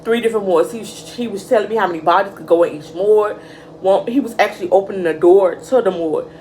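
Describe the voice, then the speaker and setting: A young woman vlogger telling a casual storytime, animated and profane, calling her viewers y'all. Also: medium pitch, quick pace, slight background noise, rough recording.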